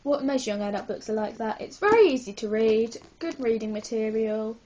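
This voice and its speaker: A woman's voice: on the high side, normal speed, mellow, dull audio, slight background noise. A woman vlogging a casual book review, hyper and giggly, rambling with lots of apologetic asides.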